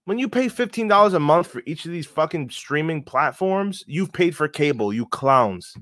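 A man from Connecticut co-hosting a podcast. He rants playfully and swears for effect, with a lively, swinging pitch. The sound is dry and close. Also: normal speed, no echo. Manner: mock-ranting, swears playfully. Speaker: podcast co-host. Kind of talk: casual banter.

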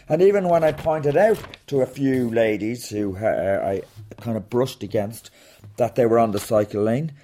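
A man's voice: mid-range voice, dark tone. A man, a comedian hosting a podcast, ranting through a sarcastic, swear-laden anecdote and then interviewing a guest. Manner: swears freely, rants with sarcasm. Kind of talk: rambling comic monologue and interview.

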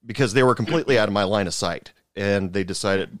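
Low-voiced man, dry close sound. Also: quick pace, no echo. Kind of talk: casual chat.

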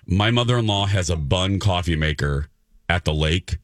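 A man's voice: low voice, no room sound, clean studio sound. A man hosting a morning radio talk show, playful and chatty. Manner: playful, lively, drawn-out phrasing. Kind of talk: casual morning radio chat.

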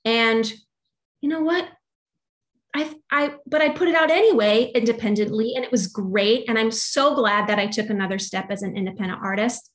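A woman's voice: fairly high pitch, moderate pace. A young adult woman, a musician guest, talking through faith and doubt in a loose, rambling way full of fillers. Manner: rambling, filler-heavy, animated. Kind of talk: casual faith conversation.

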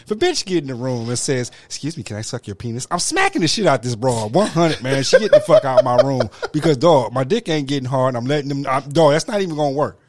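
In a studio, a man co-hosting a podcast reacts to casual banter with profane, drawn-out disbelief. His voice sits at medium pitch but swoops wildly, and there's no echo.

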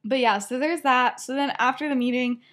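Young woman podcast host, high voice, giggles a lot, says like every other word. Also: brisk, a bit bright. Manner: giggly, talks in a rush full of "like" fillers. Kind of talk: casual chat retelling a fan story.

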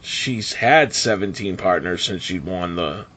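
Male podcast co-host with a bright voice, animated and chatty. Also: sits low, unhurried, slight background noise. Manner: animated, laughs often, trails off and restarts. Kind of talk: casual wrestling podcast chat.

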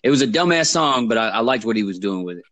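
A man's voice: mid-range voice, expressive, quick pace, a bit bright. A man talking in a laid-back, profane casual chat.

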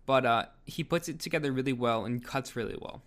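A man's voice: mid-range voice, a little fast, a bit bright. A man giving casual video commentary, rambling with lots of fillers. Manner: rambling, filler-heavy delivery.

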